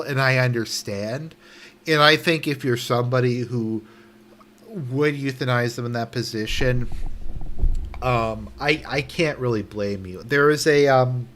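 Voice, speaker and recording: A young man giving casual commentary while reading a news article aloud, indignant and sarcastic, swearing, halting and restarting often. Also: mid-range voice, a bit bright, slight background noise. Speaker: online commentator.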